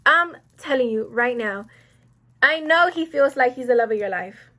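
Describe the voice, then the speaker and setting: Chatty high-voiced young woman. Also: lively intonation, moderate pace, bright, forceful tone. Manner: chatty, rambling, gets sidetracked. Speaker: beauty vlogger. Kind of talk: casual get-ready-with-me chat.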